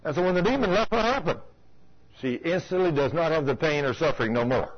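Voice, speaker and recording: A man's voice: fairly high pitch, animated, a little fast. Folksy preacher man on lo-fi radio. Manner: folksy storytelling, rhetorical questions. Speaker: pastor. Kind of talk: sermon with anecdote.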